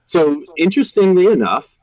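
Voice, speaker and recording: A man's voice: sits high, sing-song, normal speed, darkish tone, rough recording. A man in his thirties, a guest voice actor chatting earnestly on a podcast and laughing easily. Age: 30s. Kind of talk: casual podcast chat.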